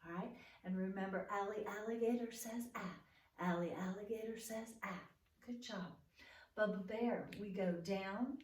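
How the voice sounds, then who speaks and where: A woman preschool teacher leads a letter lesson in a slow, unhurried, sing-song voice, encouraging and patient. She sounds some distance from the camera, and the room around her is echoey. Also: mid-range voice, darkish tone. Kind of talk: video lesson for young children. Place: classroom or home room with whiteboard.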